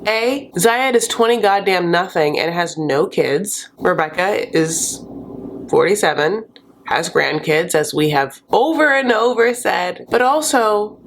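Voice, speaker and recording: A woman hosting a casual TV recap, gossipy and sassy with quick joking asides. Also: on the low side, expressive, slight background noise. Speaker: recap host.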